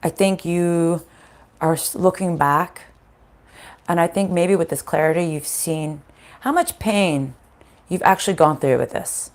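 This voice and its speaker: A woman's voice: fairly low pitch, a little slow. Chatty woman giving a tarot reading. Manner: chatty, laughing often. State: morning voice, needs warming up. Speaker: spiritual reader. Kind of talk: casual live tarot reading. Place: sunny room at home.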